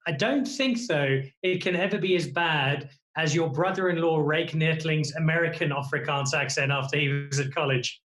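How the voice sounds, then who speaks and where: A man hosts a remote talk show interview, his voice sitting a little high. He asks lively, jokey questions. The room around him rings with echo. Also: moderate pace, few pauses. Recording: echoey room.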